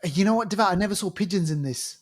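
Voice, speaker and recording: A man's voice: high voice, quick pace. A man with a London accent co-hosting a film podcast, chatting casually and rambling with lots of fillers and restarts. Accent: London English. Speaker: podcast co-host.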